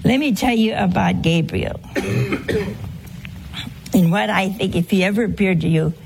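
A woman preacher with a gravelly, rough-edged voice. She speaks slowly and deliberately, teasing her audience with rhetorical questions and chuckling often. A faint hiss of noise runs underneath. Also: medium pitch. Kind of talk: humorous sermon.

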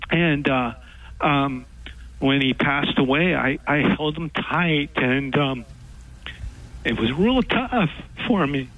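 A man calling in to a radio show, telling a story in a halting way with many pauses and fillers. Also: a little high, lively intonation, fairly bright tone, low-quality recording. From Texas. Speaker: caller. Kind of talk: call-in radio chat.

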